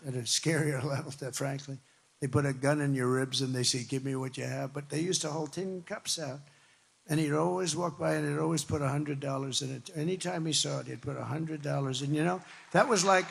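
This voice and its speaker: A gravelly, husky voice on the high side with a fairly bright tone belongs to an older New York-area man giving a campaign rally speech in a large hall. He talks in a rambling, conversational way and repeats points for emphasis, while the big hall adds long reverb.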